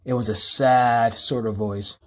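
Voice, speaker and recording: A man reading a children's storybook aloud, expressive and playful with repeated words. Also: mid-range voice, unhurried.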